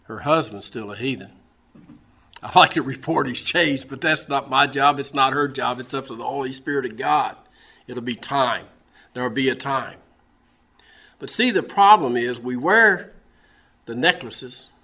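A man's voice: medium pitch, unhurried, pushed and bright. A man preaching a sermon, telling a personal story in a folksy, storytelling way, often repeating his words as he goes. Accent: Southern American.

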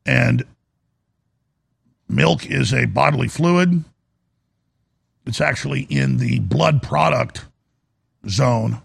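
Male broadcast host, very gravelly, husky tone, rambling monologue with restarts and emphatic bursts. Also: mid-range voice, a bit bright, dry recording. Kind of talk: monologue commentary. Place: broadcast studio.

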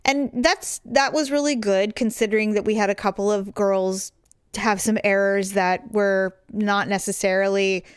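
A middle-aged woman co-hosting a show, telling stories in casual chat, candid and animated with blunt swearing. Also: mid-range voice, moderate pace, smooth, dry recording, studio quality. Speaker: podcast co-host.

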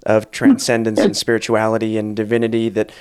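A man's voice: fairly low pitch, monotone, brisk, darkish tone, smooth. A man hosting a podcast, chatting casually in an earnest, reflective and wry way about spirituality. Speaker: podcast host.

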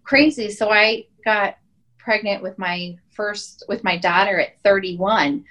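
Speaking at a slow pace, a woman with a medium-pitched, bright, forceful voice tells stories as a podcast guest, recorded in low quality. She's in her thirties, from Wyoming, and her casual chat is thick with "like" and "um."

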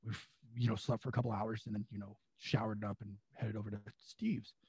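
A young adult man, a pro wrestler guest, telling a long anecdote with lively acted-out quotes. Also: fairly low pitch, brisk, slightly rough, dry recording. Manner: animated, acts out quotes with voices and laughs. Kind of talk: storytelling anecdote.

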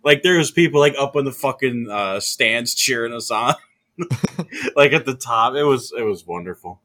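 Young man, bright sharp voice, animated and profane in casual chat. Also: medium pitch, normal speed. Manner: animated storyteller, swears often, laughs mid-sentence.

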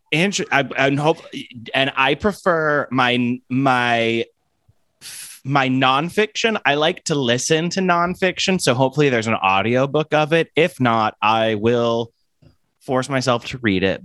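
A man co-hosting a podcast, talking in a halting way with restarts. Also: mid-range voice, a bit bright, no room sound. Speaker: podcast co-host. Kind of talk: casual chat.

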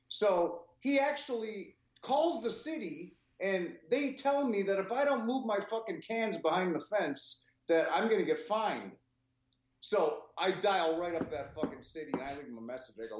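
A man co-hosting a podcast, telling stories in an animated, heated and profane way. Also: sits high. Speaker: co-host. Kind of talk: casual podcast storytelling. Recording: roomy, dull lo-fi sound.

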